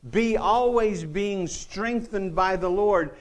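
Male pastor, slightly high voice, earnest sermon delivery with dry humor and wide dynamic swings. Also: slow.

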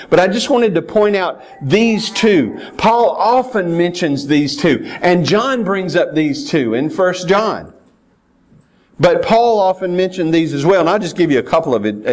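Man preaching, earnest and a touch higher in pitch, repeats his words. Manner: earnest, repeats words while reading scripture aloud. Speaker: pastor. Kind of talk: sermon.

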